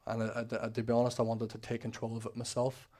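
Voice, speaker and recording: A man's voice: mid-range voice, monotone, fast, darkish tone. A man, an ex-prisoner giving an emotional, rambling faith testimony to a church congregation. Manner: rambling, emotional storytelling with restarts.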